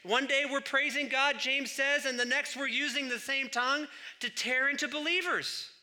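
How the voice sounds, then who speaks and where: Bright, animated male preacher. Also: very high-pitched, normal speed. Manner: animated teaching, sudden swings between loud and quiet. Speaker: pastor. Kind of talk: sermon.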